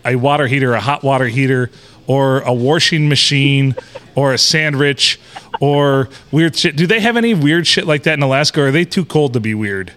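A man's voice: medium pitch, moderate pace, a bit bright, a little hiss or hum. A man, co-hosting a podcast in crude, joking casual chat. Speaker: podcast co-host.

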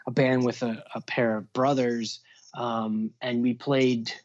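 A man's voice: mid-range voice, level tone, slow. A man telling stories from his music industry career in a casual interview, rambling with many fillers and restarts. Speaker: music booking agent guest. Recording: dull lo-fi sound.

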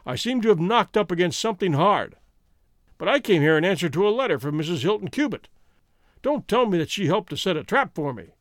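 A man voicing a brash, grieving American outlaw who talks loud and defiant, with an American accent. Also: sits high, big pitch swings, a little fast, dry recording, clean studio sound. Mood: fierce.

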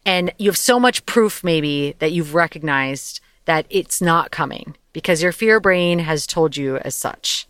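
Young woman chatting on her podcast, lowish voice, super dry close sound, rambly and animated. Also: unhurried, hardly any pauses, no echo. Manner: chatty, animated, laughs often, swears lightly. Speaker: podcast host and coach. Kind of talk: casual solo podcast talk.

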